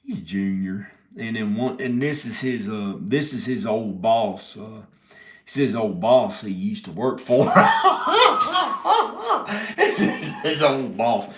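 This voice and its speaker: A man's voice: lowish voice, a little slow, darkish tone, a little hiss or hum. A man telling a rambling comic story, stopping and restarting his words and giggling often. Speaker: video maker telling a story. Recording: echoey room.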